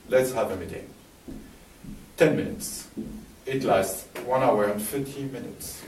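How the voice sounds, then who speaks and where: A man's voice: fairly low pitch, a little mellow, slight background noise. A man with a French accent giving a live talk, telling a personal story with many restarts and fillers, recorded in a library hall. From France. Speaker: presenter. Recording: echoey hall from far off, faint ambience.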